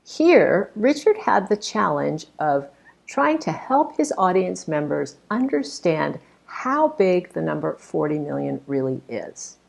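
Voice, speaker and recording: A woman's voice: lowish voice, big pitch swings, takes it slowly, gravelly. A woman speech coach critiquing a talk, explaining points in an emphatic, demonstrative way. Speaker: public speaking coach.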